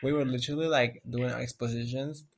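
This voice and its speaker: A young man co-hosting a podcast in a loose, casual chat. His pitch sits in an ordinary middle range. He talks in slangy, animated bursts and breaks into laughter often. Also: a little fast. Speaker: podcast co-host.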